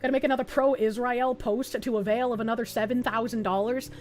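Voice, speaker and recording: A woman's voice: a little high, fairly even intonation, fairly quick, a little mellow, soft background music. A woman from Canada streaming casually, reading chat aloud with profane, sarcastic mockery. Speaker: livestreamer.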